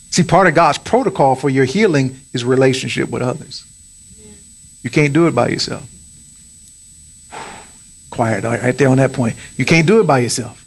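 A man's voice: medium pitch, normal speed, gravelly, long pauses, husky. A man preaching on marriage as pastor, with emphatic lines that rise on key points. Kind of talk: sermon on marriage.

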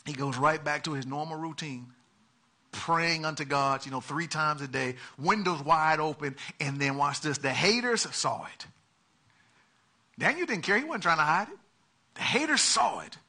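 Bright, high-voiced animated preacher man. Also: normal speed. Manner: acts out characters, repeats words, builds to loud emphatic peaks. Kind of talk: animated sermon.

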